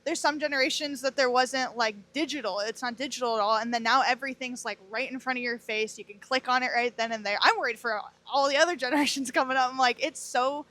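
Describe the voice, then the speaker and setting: A woman hosting a podcast interview, supportive and lively, often laughing and echoing her guest. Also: sits high, fast, hardly any pauses. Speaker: podcast host. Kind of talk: casual conversational interview.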